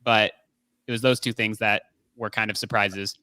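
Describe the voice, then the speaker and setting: A man's voice: lowish voice, level tone, moderate pace, bright, forceful tone, dry recording. Rambling male podcast co-host. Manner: rambling, many fillers and restarts. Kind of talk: casual movie review chat.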